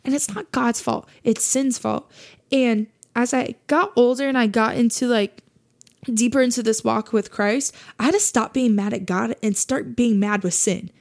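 A woman's voice: fairly high pitch, moderate pace, gravelly, darkish tone. A woman hosting a faith podcast, talking earnestly in a monologue and repeating her points for emphasis. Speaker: podcast host.

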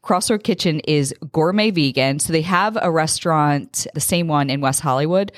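A woman co-hosting a casual chat podcast, telling stories in quick, animated bursts. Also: low voice, no room sound, studio quality. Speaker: podcast co-host.

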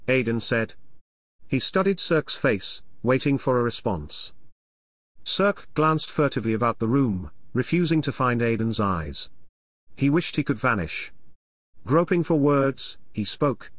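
A man narrates an audiobook from a script, reading in a measured yet expressive way. His pitch is medium and the recording is dry.

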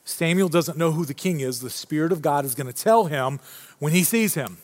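A man's voice: a little high, lively intonation, brisk. A male pastor preaching a casual, story-driven sermon in a church auditorium, often restarting his phrases. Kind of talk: conversational sermon. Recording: long reverb from a large hall.

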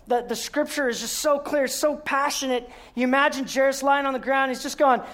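A man giving a sermon, telling the story with rhetorical questions and earnest emphasis, sometimes dropping to a hushed voice. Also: very high-pitched, steady tone, brisk, hardly any pauses. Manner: storytelling, asks rhetorical questions and answers them. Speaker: guest speaker.

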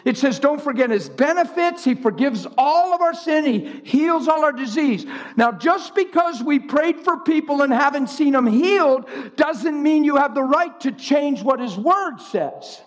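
High-voiced animated male preacher. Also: measured pace, few pauses. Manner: animated, swings from high shouts to low storytelling. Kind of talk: sermon. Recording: long hall reverb.

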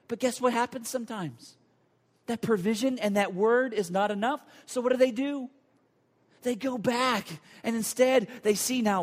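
A man preaching a sermon as pastor, earnest and building to emphatic points before turning hushed and prayerful. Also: high voice, in a large hall.

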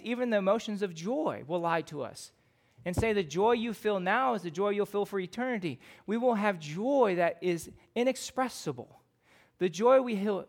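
A middle-aged man with a Midwestern American accent delivers a sermon. His voice sits a little on the high side. He preaches casually, with fillers and frequent rhetorical questions to the congregation. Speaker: pastor.

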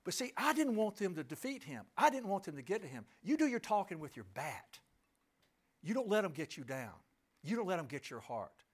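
A man's voice: high voice, sing-song, brisk, husky. A middle-aged man telling a personal story to an audience, emphatic and asking listeners rhetorical questions. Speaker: speaker addressing an audience.

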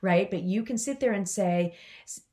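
A woman's voice: mid-range voice, normal speed, mellow. A woman hosting a motivational podcast, talking to her listeners in an enthusiastic, chatty way. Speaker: podcast host and coach.

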